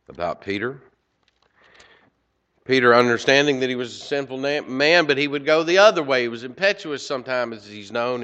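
Low-pitched male preacher with dynamic delivery on a lo-fi recording. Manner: dynamic, swings from loud emphasis to quiet asides. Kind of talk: sermon. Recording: dull lo-fi recording.

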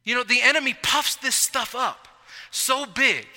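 Bright-voiced, chatty male preacher. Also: very high-pitched, measured pace. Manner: conversational, humorous, repeats and restarts. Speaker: pastor. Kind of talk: sermon with personal story. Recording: long reverb of a large hall.

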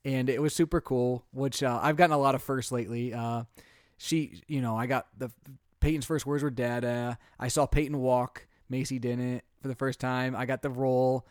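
A man in his thirties, a podcast co-host and father, chatting casually and telling animated stories. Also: medium pitch, normal speed, smooth, no room sound, clean studio sound. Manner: chatty, animated storytelling with quoted voices. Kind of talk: casual chat.

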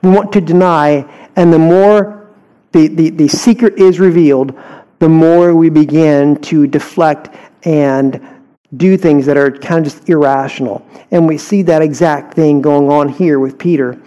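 Mellow-voiced Texan Bible teacher. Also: male voice, a little high, steady tone, a little slow, highs cut off. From Houston, Texas. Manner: conversational, asks listeners rhetorical questions.

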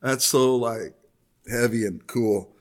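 A man's voice: mid-range voice, slow. A man preaching a sermon, mixing casual asides with scripture read aloud. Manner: conversational, reads scripture aloud with rising intensity.

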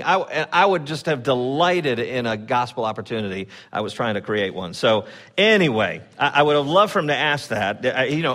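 A male pastor giving a sermon in a church sanctuary, telling stories in a conversational way and acting out quoted voices with lively swings. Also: medium pitch, normal speed.

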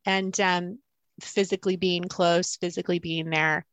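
Woman co-host, lower pitch, reflective and halting; dry podcast sound. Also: flat delivery, dry recording. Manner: thoughtful, halting, many restarts and fillers.

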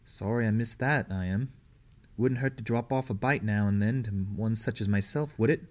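A man's voice: fairly low pitch, moderate pace, a little mellow, natural voice. A folksy, greedy soldier guarding prisoners, as a man reads him out. He talks in a loose, colloquial way, angling for treats in a storybook reading.

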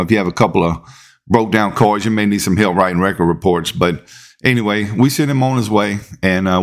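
Laid-back man telling a story. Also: on the low side. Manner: laid-back, conversational, repeats words when building up. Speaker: podcast host. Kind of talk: casual storytelling.

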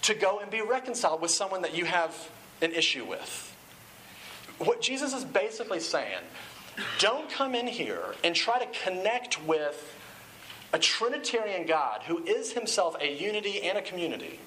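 A man preaching with a high, bright, ringing voice. He talks to the congregation in a loose, conversational way and gets animated as he goes. A faint hiss sits under the recording. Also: normal speed, low-quality recording. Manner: conversational, animated, acts out quoted shouting. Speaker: pastor. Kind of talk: sermon.

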